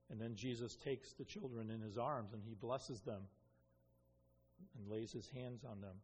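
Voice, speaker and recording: A pastor giving an earnest expository sermon, with frequent ums and restarts. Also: male voice, mid-range voice, a little slow, pauses often, darkish tone, slight background noise. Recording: long reverb of a hall.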